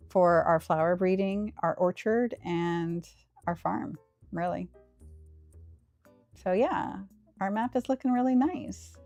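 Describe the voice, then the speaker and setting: A woman streaming a cozy game, chatting softly and unhurriedly to her viewers as she plays. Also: medium pitch, poor audio. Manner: soft, unhurried, talking to viewers. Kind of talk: casual gameplay commentary. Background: faint game music.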